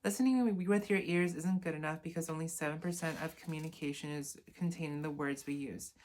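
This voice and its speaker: A woman reading from a self-help book in a casual lesson, adding chatty asides and correcting herself as she goes. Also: deep voice. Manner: reads aloud, then adds chatty asides and self-corrections.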